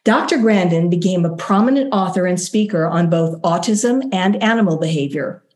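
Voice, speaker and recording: A woman hosting an interview, reading a prepared introduction and asking questions in a measured, polite way. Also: on the low side, expressive, a little mellow. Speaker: interview host.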